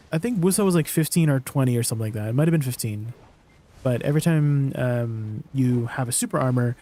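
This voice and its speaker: A man's voice: mid-range voice, mellow. A man streaming a game, chatting casually and rambling, often asking his chat questions and laughing easily.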